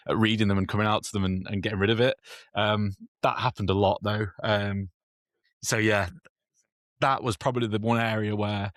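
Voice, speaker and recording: A man's voice: fairly low pitch, dry recording, clean studio sound. A man co-hosting a football podcast, talking through match tactics at length in a rambling, self-correcting way. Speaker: podcast co-host. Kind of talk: casual football analysis.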